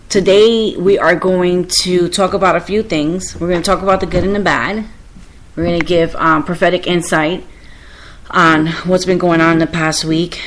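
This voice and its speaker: A woman hosting a prophetic Christian radio show, earnestly reading scripture and declaring prayers, with fillers and stumbles. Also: fairly low pitch. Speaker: radio host.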